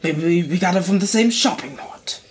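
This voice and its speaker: A man's voice: high-pitched, animated, moderate pace. A man giving casual, joking commentary while playing a video game. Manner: wry, joking quips. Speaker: co-host of a let's play channel.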